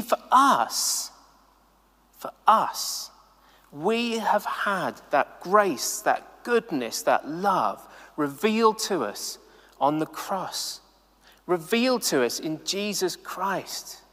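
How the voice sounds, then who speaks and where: A man preaching a sermon to the camera in a chatty, animated way, full of casual asides. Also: sits high, big-room sound. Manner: animated, conversational, many "like"s. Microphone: camera mic.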